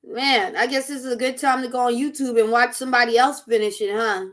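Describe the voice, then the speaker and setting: A woman chatting casually over dinner as a vlog host, animated, laughing often and riffing through asides. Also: on the high side, brisk. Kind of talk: casual chat while eating dinner.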